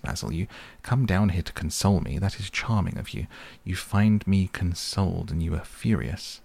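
Guy reading as a vain young dandy, low gravelly voice, drawls on and on. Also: a little mellow, full character voice. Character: young male aesthete, cool and self-absorbed.

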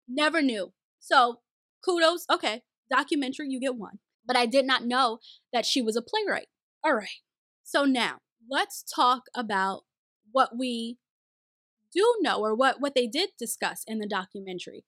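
A woman chatting casually as a video host, reviewing a documentary in an animated, talkative way. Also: a little high, moderate pace, no echo. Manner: animated, chatty, asks "okay?". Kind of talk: casual commentary.

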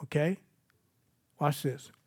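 A man's voice: fairly high pitch, slow pace, slightly rough. A man preaching a sermon at an evening church service, moving between scripture and personal stories in an emphatic, conversational way.

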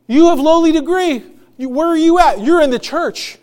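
A man's voice: extremely high pitch, normal speed, a little mellow. A man pastor preaching a sermon in a church service, emphatic, with repeated phrases and call-and-response.

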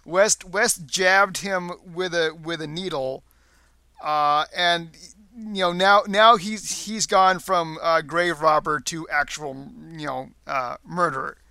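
A man with a bright, somewhat high voice chats casually about a story, often repeating words as he goes. His voice is recorded dry, with no room sound. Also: steady tone, slow, dry recording. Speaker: podcast co-host discussing a story. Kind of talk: casual chat.

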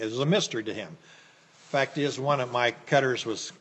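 A man's voice: mid-range voice, fairly quick, fairly bright tone, slightly rough. An older American man telling personal stories in a folksy, rambling way, with many fillers and restarts. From United States. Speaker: interview guest. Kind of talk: personal storytelling. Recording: echoey room with long reverb.

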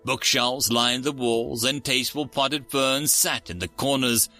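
Wry, bright-voiced male story narrator. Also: medium pitch, unhurried, soft background music. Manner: wry, sardonic. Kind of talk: first-person audiobook narration.

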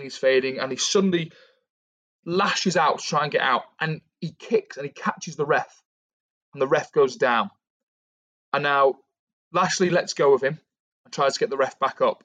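A man's voice: on the high side, dry recording. A man co-hosting a podcast, retelling a storyline in casual chat and briefly acting out the lines of the people in it. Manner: animated, acts out quotes while retelling. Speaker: podcast co-host. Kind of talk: casual storytelling about a fantasy wrestling storyline.

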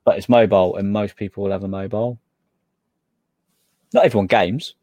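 A man's voice: fairly low pitch, steady tone, fairly quick, dark tone, dry recording. A man co-hosting a casual gaming podcast, hesitant and correcting himself as he talks. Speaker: podcast co-host. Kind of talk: casual gaming news chat.

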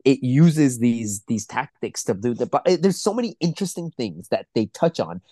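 A man's voice: mid-range voice, very animated, moderate pace, mellow, dry recording. Congested man, podcast co-host, emphatic profane ranter, dry close mic. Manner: ranting, emphatic, swears often. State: congested, clogged nose. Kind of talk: casual movie-review chat.

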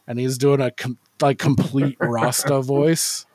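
A male co-host chats through a movie on a podcast in a loose, profane, rambling way. His voice sits in an ordinary middle pitch. The sound is dry and close, with little room around it. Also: fairly even intonation, a little slow, a little mellow, dry recording. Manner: rambling and profane, with many fillers. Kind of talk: casual movie-review chat.

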